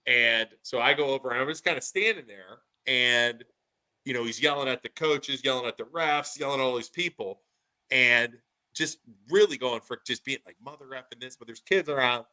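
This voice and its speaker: A man's voice: mid-range voice, normal speed, low-quality recording. A man co-hosting a podcast, telling a story in casual chat and acting out what people said. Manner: animated storytelling, acts out quotes. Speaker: podcast co-host.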